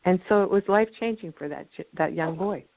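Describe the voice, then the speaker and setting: A woman guest on a call-in radio show, explaining ideas about emotional energy in a measured storytelling way. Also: on the low side, creaky, slight background noise. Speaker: guest, energy healer and author. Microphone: phone. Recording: dry, tinny phone line.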